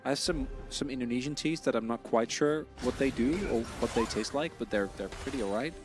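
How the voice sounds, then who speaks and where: A man doing casual esports commentary, chatty and relaxed, trading banter with a co-caster. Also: medium pitch, a little fast, over music.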